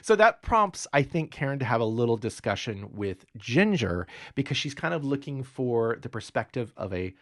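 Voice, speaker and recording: A man co-hosting a podcast, retelling scenes in a lively way, acting out lines and laughing often. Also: mid-range voice, normal speed, hardly any pauses, dry recording, clean studio sound. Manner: animated retelling, acts out quotes, laughs often. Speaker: podcast co-host. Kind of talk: casual recap chat.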